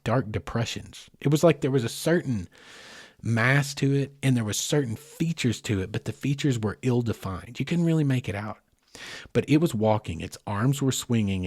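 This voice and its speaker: Husky man telling a scary story. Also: medium pitch, no echo, clean studio sound. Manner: animated, dramatic retelling with sound effects. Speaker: podcast host. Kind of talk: first-person storytelling.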